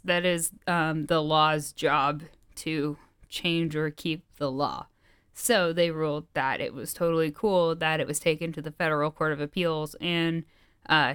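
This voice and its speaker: A rambling, breathless woman chats casually on a podcast. Her voice is low-pitched for a woman and very smooth. The sound is dry and close. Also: fairly bright tone, dry recording. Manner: rambling with many fillers. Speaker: podcast co-host.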